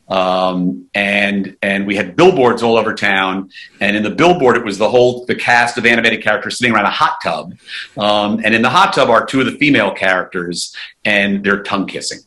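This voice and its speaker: Bright-voiced man telling showbiz anecdotes. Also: lowish voice, low-quality recording. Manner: animated storyteller, quick to act out quotes. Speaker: podcast co-host. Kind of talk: casual chat, telling anecdotes.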